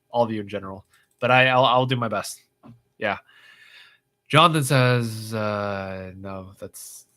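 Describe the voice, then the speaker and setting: A man hosts a casual livestream, reading viewer comments and answering them off the cuff. His voice is bright, and his pitch sits in an ordinary middle range. He rambles with plenty of fillers and restarts. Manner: chatty, rambling, reads viewer comments aloud with frequent fillers. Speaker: livestream host.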